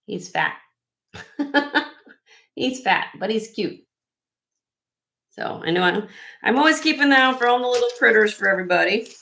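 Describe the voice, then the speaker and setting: A woman's voice: medium pitch, lively intonation, a little fast, creaky, bright, forceful tone, poor audio. A woman with a Midwestern accent hosting a live-stream jewelry sale, chatty and effusive as she shows off each piece. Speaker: host selling vintage jewelry on a live stream. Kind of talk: live-stream sales chat.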